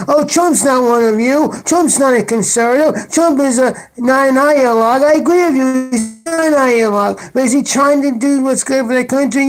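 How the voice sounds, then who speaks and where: A political commentator in full rant mode, scolding and sarcastic, hammering the listener with accusations. The voice has a rough, gravelly edge and sits at a middling pitch. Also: rough recording.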